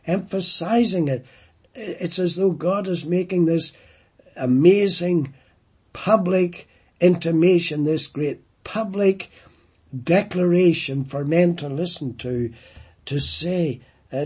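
A man delivering a sermon in a slow, deliberate cadence. His voice is deeply husky and dark in tone. He leans hard on key phrases, repeating them for emphasis. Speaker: preacher.

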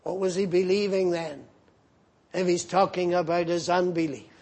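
A man's voice: high-pitched, fairly even intonation, moderate pace, gravelly, darkish tone. A man preaching a sermon, posing questions and answering them, repeating key words for emphasis.

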